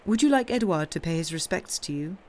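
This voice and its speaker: A woman's voice: on the low side, expressive, brisk, darkish tone, lightly acted. Woman doing a cool, courteous lady, formal storybook reading.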